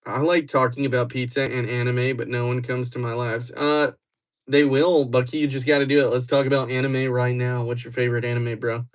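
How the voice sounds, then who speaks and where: A man hosting a casual livestream, playfully teasing his viewers and quickly getting worked up as he chats with them. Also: medium pitch, flat delivery.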